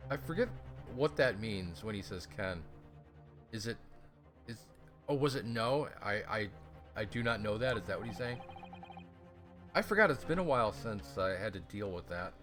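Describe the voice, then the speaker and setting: A man's voice: lowish voice, expressive, normal speed, pauses often, fairly bright tone, soft background music. A man making casual commentary while he plays through a video game. He drops wry, muttered asides between the lines he reads aloud. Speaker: let's play host.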